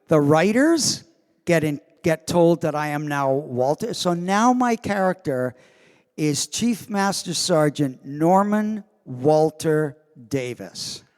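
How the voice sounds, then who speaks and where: Convention guest actor, slow and fairly high-voiced, amused storyteller, long hall reverb. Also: male voice, clean tone. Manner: animated, self-amused storytelling. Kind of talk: anecdote on a convention stage.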